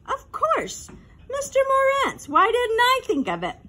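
A woman voicing an anxious, excitable fifth-grade boy who wails and gets worked up, in a storybook reading. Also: a little slow, exaggerated voice. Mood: frantic. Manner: wailing, high and worked up.

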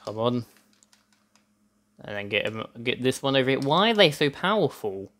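A man's voice: medium pitch, sing-song, normal speed, fairly bright tone. A young man hosting a let's play, chatting through gameplay in a rambling way with lots of restarts, hot and a little out of breath. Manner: chatty, rambling, self-interrupting with many restarts. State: hot and sweaty, a bit out of breath. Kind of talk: gameplay commentary.

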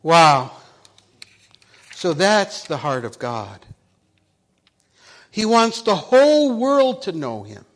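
A male pastor reading scripture aloud and preaching, in an emphatic, dramatic way that swings between loud rises and soft drops. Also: high-pitched, huge pitch swings, takes it slowly, long pauses.

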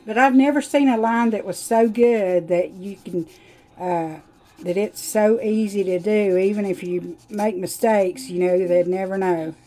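Live-stream host, woman, country twang, warm mellow tone, rambling chatty demo talk. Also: medium pitch, unhurried, low-quality recording. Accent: Southern US country twang. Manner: chatty, rambling, talks to viewers while working. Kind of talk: casual live demo chat.

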